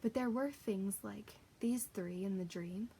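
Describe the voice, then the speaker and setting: A woman reads aloud as a gentle old horse who muses slowly, as if half remembering. It stays near her own voice with a faint hiss behind. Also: mid-range voice, close to an everyday voice. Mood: musing. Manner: slow, musing. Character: gentle old cab horse, slow and thoughtful.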